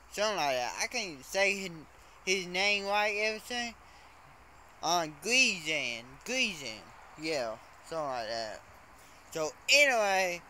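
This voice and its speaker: Slow, high-voiced Mississippi man. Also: bright, forceful tone, a little hiss or hum. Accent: Southern US, Mississippi. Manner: rambling, repeats himself, fills with "so anyway". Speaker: vlogger. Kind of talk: casual vlog chat to camera.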